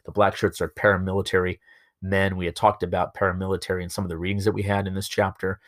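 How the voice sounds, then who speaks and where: Man, history teacher, very low voice, dry close sound, chatty lecture full of fillers. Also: little pitch movement, fast, no echo. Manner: conversational storytelling with fillers. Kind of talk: recorded lecture over slides.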